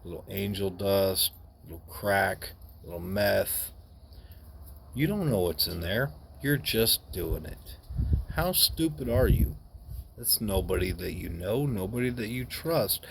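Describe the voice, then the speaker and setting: Guy doing a gruff stern older man lecturing a kid, low gravelly voice, slow and heavy. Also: noisy background. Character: stern older male family friend lecturing a boy.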